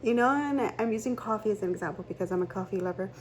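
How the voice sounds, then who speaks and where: A woman's voice: mid-range voice, rapid-fire, slight background noise. A woman giving a casual tarot reading, rambling and chatty with many fillers and restarts. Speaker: tarot reader.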